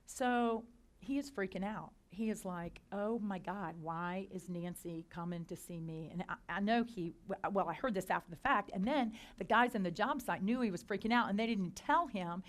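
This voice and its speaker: A middle-aged woman, a company founder and CEO, telling anecdotes to a business audience, chatty with quick restarts and quoted dialogue. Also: medium pitch. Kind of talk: storytelling talk to a business audience. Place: lecture hall.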